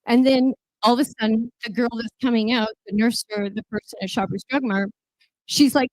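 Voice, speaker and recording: Woman councillor telling a story at a gala, high voice, repeats herself for emphasis. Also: fairly even intonation, fairly quick, darkish tone, dry recording, low-quality recording. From Canada. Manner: emphatic, repeats key lines. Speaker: city councillor speaking at a political gala. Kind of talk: animated personal storytelling speech.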